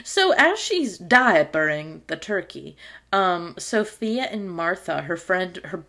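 A woman's voice: fairly low pitch, big pitch swings, slow pace, sharp tone. A woman co-hosting a podcast, chatting casually and recapping a sitcom episode, laughing often. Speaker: podcast co-host.

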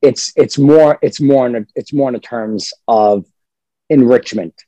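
A man's voice: mid-range voice, a little slow, no echo. A man who trains dogs, talking in a casual, emphatic way on a podcast and sometimes acting out what a dog thinks. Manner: emphatic, animated, acts out dog voices.

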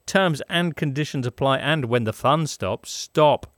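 Jokey host reading an ad. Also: male voice, medium pitch, a little slow, a bit bright, dry recording, studio quality. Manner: jokey, playful ad read. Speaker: podcast host. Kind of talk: casual podcast chat and ad read.

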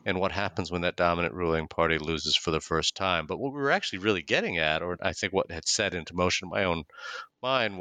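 A man, a guest author, explaining his academic argument in a measured way in an interview. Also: low-pitched, pushed and bright, dry recording.

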